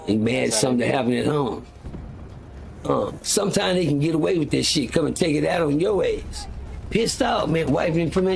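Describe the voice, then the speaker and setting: A man's voice: on the high side, expressive, normal speed, gravelly, darkish tone. A man hosting a live stream, talking in a heated, profane and rambling way, full of restarts and fillers. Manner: frequent restarts and filler words. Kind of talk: casual live-stream rant.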